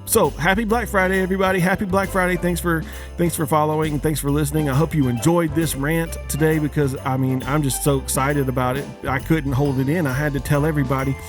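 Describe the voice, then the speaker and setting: A man's voice: on the high side, fairly even intonation, fast talker, over music. A man hosting a podcast, a father of young kids, delivering a joking, casual holiday rant and firing many questions at his listeners. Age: adult, father of young kids. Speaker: podcast host.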